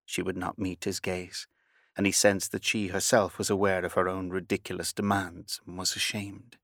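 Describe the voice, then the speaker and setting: A man narrating a novel aloud with a measured storytelling delivery. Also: deep voice, level tone, gravelly, fairly bright tone, no room sound, studio quality. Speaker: audiobook narrator. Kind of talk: scripted narration.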